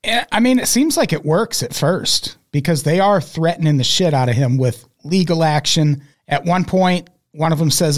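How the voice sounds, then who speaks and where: A man's voice: a little high, animated, normal speed. A man on a podcast in casual chat, steadily recounting a documentary's story with wry remarks. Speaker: podcast guest.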